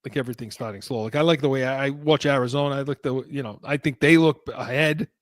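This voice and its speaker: A man hosting a sports talk show, chatting loosely with fillers and trailing off quietly, with a faint New England accent. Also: medium pitch, fairly even intonation, fast, no room sound, clean studio sound. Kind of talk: casual sports chat.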